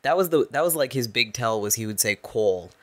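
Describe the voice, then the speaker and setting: A man's voice: mid-range voice, animated, quick pace, a bit bright. A man guest on a casual movie-review podcast, joking and explaining his points.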